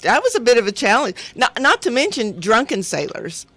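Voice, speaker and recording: A woman's voice: a little high, sing-song, normal speed, a bit bright, dry recording. A woman taking part in a local radio morning show, chatting wryly and with good humor. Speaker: radio show regular, school drama director. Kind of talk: casual on-air banter. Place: radio studio.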